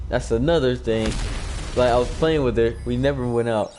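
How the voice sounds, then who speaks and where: A man's voice: mid-range voice, normal speed, a little mellow, slight background noise. Rambling young man telling a story. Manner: rambling, heavy on "like" fillers; acts out quoted lines in shifting voices. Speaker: gaming YouTuber. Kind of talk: casual storytime. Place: at home, streaming live while gaming. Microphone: new desk microphone.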